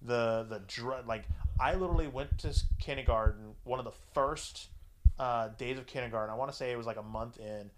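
A man of middle pitch hosting a loose, casual chat. He tells his story bluntly and crudely, swears freely, and voices each person in the story himself. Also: a little fast, a little hiss or hum. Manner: profane, crude and blunt, acts out dialogue. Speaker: podcast host.

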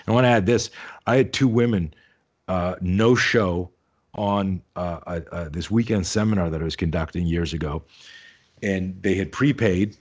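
A man's voice: low voice, moderate pace, a little mellow, husky. A man who teaches self-defense, a guest on an interview show, telling stories in a rambling, casual way with frequent restarts and free swearing.

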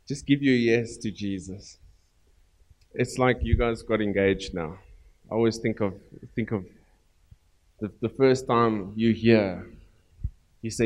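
A man with a South African accent preaching a sermon as pastor, swinging between loud emphatic lines and quiet asides. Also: fairly low pitch, steady tone, normal speed.

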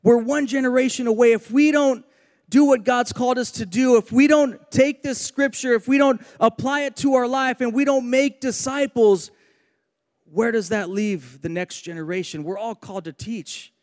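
A man's voice: very high voice, moderate pace, long reverb tail. A man preaching a sermon and leading a prayer, earnest, with repeated phrases.

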